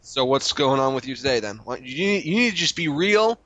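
A man's voice: medium pitch, expressive, fairly quick, fairly bright tone, dry recording. Sarcastic grumpy man, dry close sound. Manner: sarcastic, grumpy, swears, teasing. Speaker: podcast co-host. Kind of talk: comedic casual chat. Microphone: video call mic.

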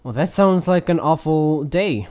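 Guy cracking jokes, deadpan teasing, pitch jumps all over. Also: clear, resonant tone. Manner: teasing, quick deadpan interjections. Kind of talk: casual chat.

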